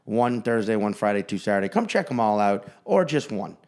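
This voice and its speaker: A man's voice: on the low side, big pitch swings, fairly quick, darkish tone. A man co-hosting a comedy podcast, telling stories in a loose, rambling way and joking with his co-host. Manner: rambling storyteller with playful repetitions. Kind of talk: casual chat.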